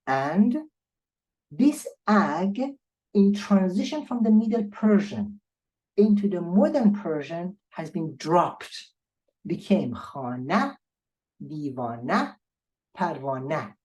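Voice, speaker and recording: Mellow low-voiced woman tutor. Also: expressive, muffled recording. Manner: explanatory, repeats words slowly for learners. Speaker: language tutor. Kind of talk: online language lecture.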